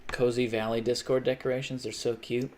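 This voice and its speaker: A man's voice: mid-range voice, level tone, a little fast, darkish tone, slight background noise. Rambling, self-mocking male streamer. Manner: rambling, self-mocking, makes odd repeated mouth noises. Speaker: live streamer. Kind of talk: casual live-stream chat while gaming.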